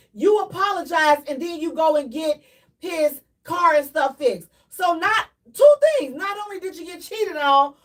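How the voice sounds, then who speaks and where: Animated, preachy woman radio host. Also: very high voice, recorded from a distance. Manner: animated, preachy, repeats herself, sometimes shouting. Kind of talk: live call-in radio talk.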